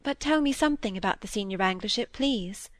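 A woman's voice: medium pitch, expressive, brisk, dry recording, natural voice. A woman voicing a shy, sincere young woman who speaks earnestly and a little wistfully, in an audiobook reading.

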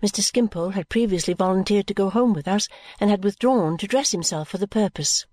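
A woman narrating an audiobook of a classic novel at a measured, even storytelling pace. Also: mid-range voice, no room sound. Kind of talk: scripted narration.

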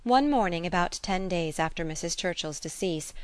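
A woman narrating an audiobook of a classic novel in a measured, even way. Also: fairly low pitch, no room sound. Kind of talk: scripted narration.

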